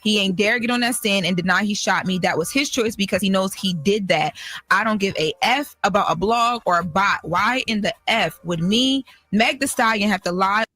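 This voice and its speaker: A woman's voice: mid-range voice, moderate pace, bright, forceful tone. A woman making an indignant, confrontational statement in a recorded clip.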